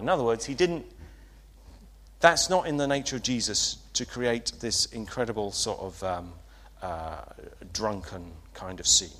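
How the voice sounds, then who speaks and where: Preacher in a reverberant hall. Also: male voice, medium pitch, normal speed, a bit bright. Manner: conversational, hesitant with many fillers and restarts. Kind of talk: informal sermon.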